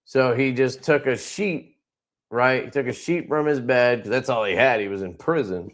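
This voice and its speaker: A man's voice: mid-range voice, moderate pace. A man hosting a casual livestream from his knife company, showing products in a laid-back, rambling way with crude jokes.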